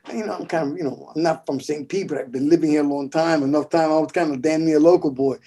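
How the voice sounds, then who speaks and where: A middle-aged man from the Bronx with a New York accent, telling stories in a casual interview, animated and swearing, acting out the voices of people in them. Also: on the high side, fast. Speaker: guest percussionist.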